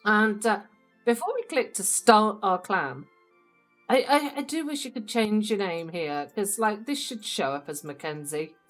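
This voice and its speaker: A woman's voice: medium pitch, animated, measured pace, fairly bright tone, soft background music. A woman hosting a gaming channel, chatting upbeat through a let's-play and talking to viewers directly. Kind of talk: casual let's-play commentary.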